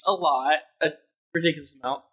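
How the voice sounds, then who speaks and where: A man's voice: on the high side, fairly quick, a crowd in the background. A man hosting a podcast who reads listener reviews in a joking way, laughing as he goes. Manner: jokey, laughs while reading. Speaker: podcast host.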